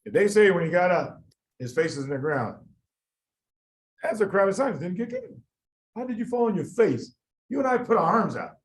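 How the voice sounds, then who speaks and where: A man teaching a live medical review class, quizzing students and talking through the reasoning in an animated way. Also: high voice, a little hiss or hum, low-quality recording. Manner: animated, quizzes students, quick asides with sudden quiet drops. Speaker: medical board review lecturer.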